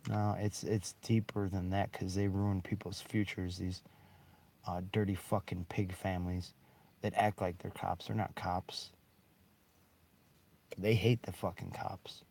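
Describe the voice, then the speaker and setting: Low, dark-voiced man ranting. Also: level tone, measured pace, vocal fry. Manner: rambling, heavy swearing, bitter laughs. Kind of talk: angry monologue.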